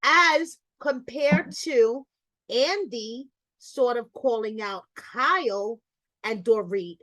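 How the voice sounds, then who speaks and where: Playful, blunt middle-aged woman host with a high voice, for casual gossip talk. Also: takes it slowly, fairly bright tone, no echo, low-quality recording.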